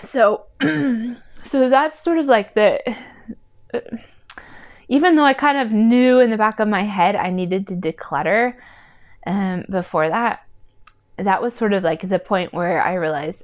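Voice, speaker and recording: A woman's voice: medium pitch, a little slow, pauses often. A woman vlogging about decluttering as a mother, chatty and rambling, with lots of "like" and "um", and earnest in tone. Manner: chatty and rambling, with many fillers like "like" and "um"; earnest and heartfelt. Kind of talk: casual personal vlog talk.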